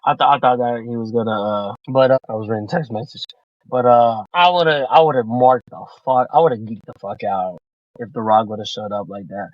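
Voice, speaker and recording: A man hosting a podcast, retelling events in casual chat, excitable and swearing freely. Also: mid-range voice, moderate pace, no echo. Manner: excitable, profane storytelling. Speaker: podcast host. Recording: dull lo-fi dry sound.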